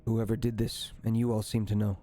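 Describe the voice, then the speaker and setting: A man voicing a grieving male hunter set on revenge, who speaks in a grave, measured way with few words. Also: on the low side, flat delivery, warm tone, soft background music, natural voice.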